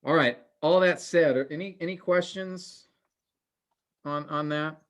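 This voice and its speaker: Man teaching a relaxed class. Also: on the high side, unhurried. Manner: relaxed and conversational, with frequent fillers and restarts; earnest, cautionary. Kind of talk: informal class lecture.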